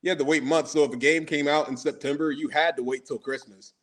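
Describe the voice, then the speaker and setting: A man co-hosting a podcast in casual chat, relaxed and often laughing as he talks. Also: a little high, fast. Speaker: podcast co-host.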